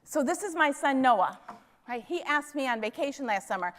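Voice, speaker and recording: A woman's voice: high voice, animated, moderate pace, a bit bright. A middle-aged woman from Minneapolis giving a conference keynote, telling stories and often asking the audience "right?". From Minneapolis, US Midwest. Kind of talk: keynote talk. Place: conference hall stage. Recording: large hall with long reverb.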